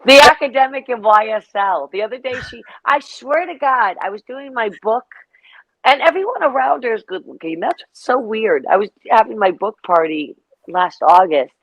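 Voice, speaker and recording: A middle-aged woman talking casually as an interview guest, telling animated stories with lots of asides. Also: fairly high pitch, moderate pace, no room sound, lo-fi sound. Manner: chatty, storytelling, animated asides.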